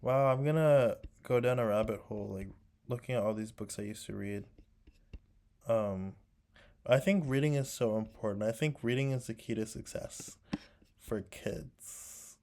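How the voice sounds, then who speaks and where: A man's voice: medium pitch, normal speed, gravelly, a little mellow. A young man with a sore throat chatting casually while he paints, rambling and nostalgic, with many fillers. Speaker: vlogger.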